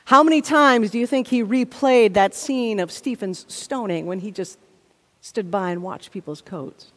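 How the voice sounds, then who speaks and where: A woman's voice: mid-range voice, measured pace. A woman preaching a sermon, reading scripture and then speaking earnestly, building to emphatic intensity. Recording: long reverb of a large hall.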